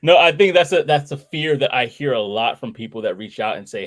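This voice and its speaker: A man's voice: mid-range voice, lively intonation, brisk, a bit bright. A man hosting a casual interview, upbeat and candid, encouraging his listeners. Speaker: host.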